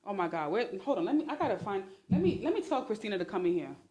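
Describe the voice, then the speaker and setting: A woman hosting a casual livestream on her phone, talking in a sarcastic, exclamatory and animated way. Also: medium pitch, fast talker, breathy edge. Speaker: livestream host.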